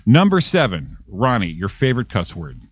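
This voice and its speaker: A man's voice: fairly low pitch, huge pitch swings, normal speed. Crude joking male quiz host, muffled. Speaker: podcast host running a quiz. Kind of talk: casual podcast chat.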